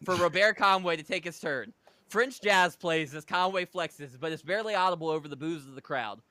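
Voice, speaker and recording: A man's voice: a little high, brisk, bright, forceful tone, no room sound. A man hosting a podcast, casually narrating a made-up wrestling show and laughing at his own jokes. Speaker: podcast host.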